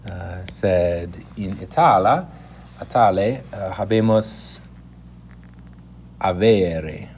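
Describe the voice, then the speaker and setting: A man with a very low voice talks slowly and easily through a language lesson. He rambles, stops to correct himself, and explains things as he goes. Faint ambient sound hums behind him. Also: slight background noise. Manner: relaxed and rambling, with many fillers and self-corrections. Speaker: language teacher. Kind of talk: casual spoken lesson.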